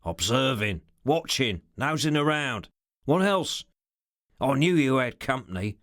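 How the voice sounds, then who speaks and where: A man voicing a rough, scheming male henchman who talks coarsely and in loud bursts. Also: medium pitch, very animated, a little slow, dry recording, studio quality. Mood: eager.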